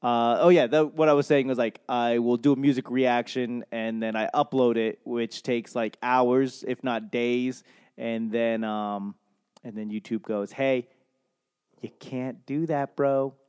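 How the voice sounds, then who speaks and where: A man's voice: mid-range voice, flat delivery, unhurried, darkish tone, clear, resonant tone. A man hosting a comedy podcast in a casual, rambling monologue, self-deprecating and swearing freely as he loses his train of thought. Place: home in Albuquerque.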